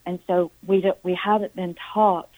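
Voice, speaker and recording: As an interview guest, a middle-aged woman speaks in a slightly low, mellow voice with a level tone, and the recording is rough. She tells her story earnestly with halting restarts, dramatically acting out words she once said.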